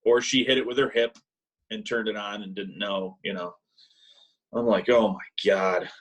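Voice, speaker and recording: A man co-hosting a casual podcast over a call, telling animated stories and mimicking people in a high voice. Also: moderate pace, poor audio. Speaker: podcast co-host. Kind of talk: casual chat, storytelling. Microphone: remote call mic.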